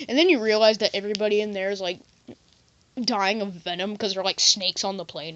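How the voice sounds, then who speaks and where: A woman's voice: medium pitch, flat delivery, fast, dry recording, muffled recording. Woman rambling through a silly comedy vlog. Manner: silly, rambling, jumps into voices. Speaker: vlogger.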